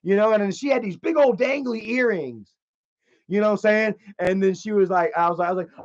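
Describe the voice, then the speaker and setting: A man streaming live, telling a story in a casual, rambling way, with lots of profanity and animated energy. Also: high voice, brisk. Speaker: livestreamer. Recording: slightly dull lo-fi stream audio.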